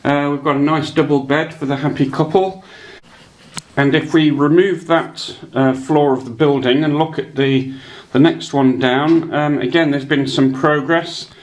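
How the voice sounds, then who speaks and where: A man giving a casual show-and-tell of his hobby models, rambling with many pauses and fillers. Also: fairly high pitch, fairly even intonation. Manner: meandering, many ums and uhs.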